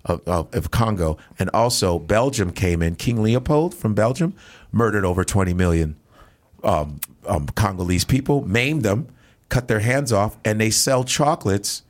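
A man from Nigeria talks in a fairly low voice and tells loose, profane stories. He keeps slipping into other people's voices as he acts out scenes. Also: moderate pace. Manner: animated, acts out voices in his stories, swears freely. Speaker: comedian guest. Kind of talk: casual podcast storytelling.

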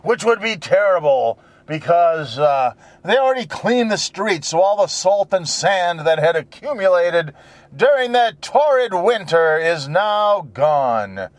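An older man talks in a slow, meandering monologue, his fairly high voice swinging up and down as he cracks jokes and chuckles at them. Faint road noise hums behind him in a moving vehicle. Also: big pitch swings, no room sound. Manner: jokey, rambling, laughs at his own jokes. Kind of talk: rambling casual monologue.

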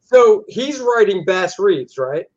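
A man co-hosting a talk show who asks a guest questions in a relaxed way. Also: sits high, takes it slowly. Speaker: co-host. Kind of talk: casual chat. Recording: dull lo-fi audio.

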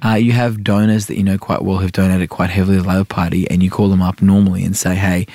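Casting: middle-aged Aussie male guest, rapid rambler, lowish voice, dry studio sound. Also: level tone, mellow, no echo. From Iran. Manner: rapid, rambling, heavy fillers, asks "right?" often. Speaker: senator and podcast guest. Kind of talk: casual interview chat.

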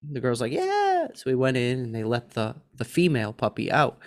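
A man in his thirties co-hosting a podcast, telling a story in a lively, chatty way and mimicking other people's voices. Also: mid-range voice, fast. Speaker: podcast co-host. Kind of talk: casual chat.

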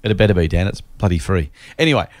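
A man's voice: low voice, fast, dry recording. A man hosting a casual finance podcast, joking and reading listener mail aloud. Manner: jokey, animated, reads listener mail aloud. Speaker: podcast host.

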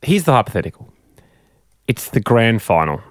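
A man's voice: medium pitch, normal speed, dry recording, studio quality. An Australian man co-hosting a comedy podcast, setting up jokey hypotheticals with laughs. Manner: lively, laughing, sets up hypotheticals. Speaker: podcast co-host. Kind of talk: casual comedic chat.

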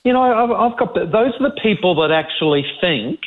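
A man's voice: high-pitched, lively intonation, fairly quick. A man with an Australian accent co-hosting a casual radio chat, talking emphatically and mocking critics. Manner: emphatic, mocks critics in put-on quoted voices. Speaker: co-host. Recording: tinny phone-like radio line.

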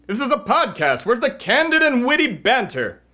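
A man playing a loud, arrogant political fixer who hosts a comedy podcast, boasting and yelling. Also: extremely high pitch, big pitch swings, normal speed, exaggerated voice. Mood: boastful. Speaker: podcast host.

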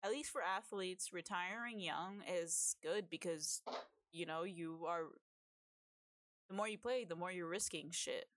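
A woman's voice: lowish voice, measured pace, fairly bright tone, no echo. Woman, podcast co-host, rambling casual talk, dry close sound. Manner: rambling, self-correcting, casual swearing.

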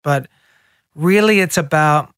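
A middle-aged man chatting as a podcast guest, slipping into lively voices when he tells stories. His voice sits a little high for a man, and the sound is close and dry. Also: slow pace, clear, resonant tone, no echo. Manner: animated storyteller, acts out quotes. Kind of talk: casual interview chat.

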